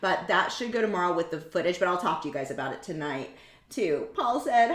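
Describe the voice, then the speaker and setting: A woman's voice: fairly low pitch, expressive, fairly quick, a bit bright. A woman hosting a live painting demo, chatting in a rambling, self-mocking way with many tangents. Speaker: artist hosting a painting livestream. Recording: roomy echo.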